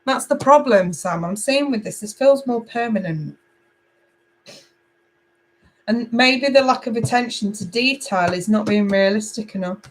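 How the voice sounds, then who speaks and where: A woman's voice: fairly high pitch, moderate pace, few pauses, low-quality recording. Chatty woman doing a live tarot reading. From England. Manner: chatty, animated, reads cards aloud and talks to viewers. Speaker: tarot reader.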